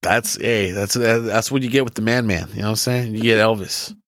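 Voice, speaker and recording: Brief: young male podcast guest, casual slangy chat, low voice, no room echo. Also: fairly quick, a bit bright, clean studio sound. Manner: slangy, enthusiastic, says bro a lot.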